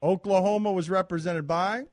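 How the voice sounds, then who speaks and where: A man's voice: high voice, fairly even intonation, no room sound. Playful man hosting sports radio. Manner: playful, quick teasing delivery. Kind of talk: radio show banter.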